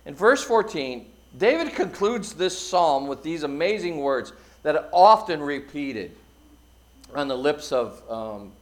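A middle-aged man preaches from the pulpit in a fairly high voice. He pushes phrases out with force, then lets them sink to a near hush. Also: unhurried. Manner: expressive preaching, swelling loud then dropping quiet. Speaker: pastor. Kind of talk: sermon.

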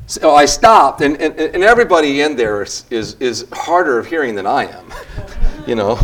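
A man's voice: medium pitch, normal speed. An older man leading a church group session, talking in a casual, rambling way with restarts and self-deprecating asides.

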